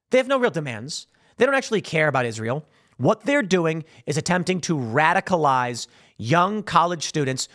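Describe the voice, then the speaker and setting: A man delivers political commentary in a quick, animated monologue. His voice sits fairly high for a man. He mocks the people he talks about by mimicking them. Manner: fast animated talk with mocking put-on voices for quoted people.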